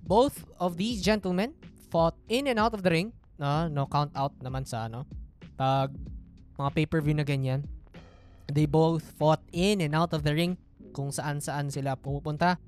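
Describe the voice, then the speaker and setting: Lively Filipino woman podcast storyteller. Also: sits low. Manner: animated, code-switching storyteller. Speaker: podcast host.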